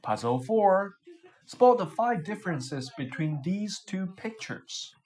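A woman reading a children's picture book aloud, with expressive, animated storytelling. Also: medium pitch, takes it slowly. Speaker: storybook reader.

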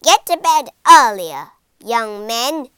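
A woman voicing a strict male maths teacher who yells and barks at his pupil. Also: sits high, very animated, a little fast, no room sound, studio quality. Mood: angry. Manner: barking, yelling.

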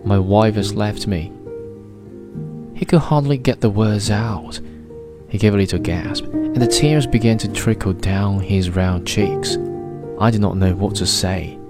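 A man reading a novel aloud in a measured first-person narration. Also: on the low side. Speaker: audiobook narrator. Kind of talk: scripted narration. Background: faint guitar music.

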